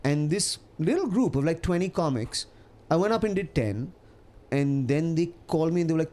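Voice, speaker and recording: A man with an Indian accent, a comedian chatting as a podcast guest, animated and quick to laugh. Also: fairly high pitch. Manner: animated storyteller, laughs often, many restarts. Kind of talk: casual podcast chat.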